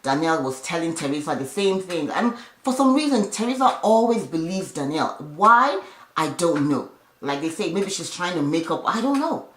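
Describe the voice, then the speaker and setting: A woman's voice: lowish voice, moderate pace, slight background noise. Chatty woman in an echoey room. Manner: chatty, animated, with opinionated asides. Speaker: reality TV recap vlogger. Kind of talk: casual episode recap.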